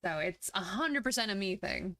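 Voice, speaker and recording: A woman's voice: mid-range voice, lively intonation, moderate pace, fairly bright tone, no room sound. A woman streamer chatting on a gaming livestream who talks frankly and bluntly and swears freely. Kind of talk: casual chat on a gaming livestream.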